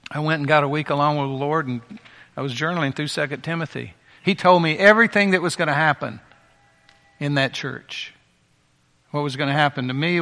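A man's voice: fairly high pitch, fairly quick, sharp tone. A man preaching a sermon with impassioned, emphatic repetition, heard in a large hall.

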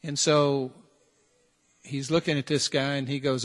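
A man's voice: mid-range voice, level tone, a little slow. A man preaching a sermon in an earnest, direct manner, pressing his listeners with repeated challenges and rhetorical questions. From United States. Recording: long hall reverb.

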